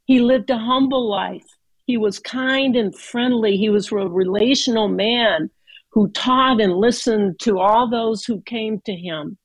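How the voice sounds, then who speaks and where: A woman giving a reflective, earnest devotional talk in a conversational way, with pauses and fillers. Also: fairly high pitch, no echo, rough recording. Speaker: speaker sharing a Christmas reflection.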